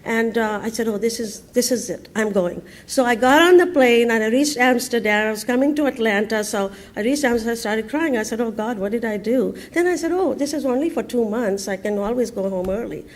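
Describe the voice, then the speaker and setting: A woman, telling a humorous story on a conference stage in a lively way, with laughs, restarts and fillers. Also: on the high side, a little fast, hardly any pauses. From India. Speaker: entrepreneur giving a conference talk. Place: conference stage before an audience.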